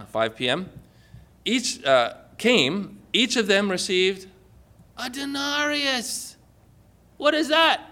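A male preacher with a high, bright voice delivers his sermon with animated emphasis. He asks the listeners questions and leans hard into the key words.

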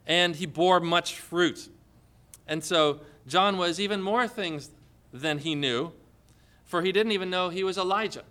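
Male pastor, high bright voice, lively sermon delivery that quizzes the congregation. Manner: lively, asks the congregation questions.

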